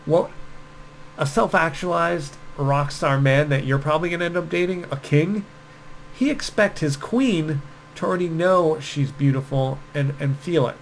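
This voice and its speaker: A man giving dating advice straight to the camera in a loose, conversational way, full of ums and asides. His voice sits a little high for a man. Faint background noise runs under the recording. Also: moderate pace, vocal fry, low-quality recording. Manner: casual, storytelling, many fillers. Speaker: dating coach. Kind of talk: direct-to-camera advice talk.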